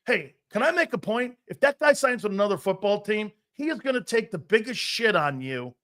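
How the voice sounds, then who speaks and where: A man's voice: high voice, very animated, a little fast, a bit bright. A man ranting in a heated, profane sports commentary, emphatic and fired up.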